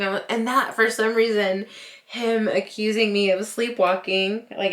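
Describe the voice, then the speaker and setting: A woman's voice: on the high side, fairly even intonation, normal speed, fairly bright tone. A young woman telling a spooky personal story in a chatty vlog, with lots of "like" and laughing at herself. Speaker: vlogger. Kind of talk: casual storytime. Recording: roomy echo.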